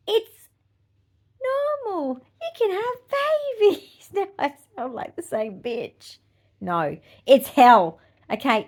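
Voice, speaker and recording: A middle-aged woman with an Australian accent, hosting a podcast in casual chat, blunt, swearing freely and laughing often. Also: medium pitch. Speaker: podcast host.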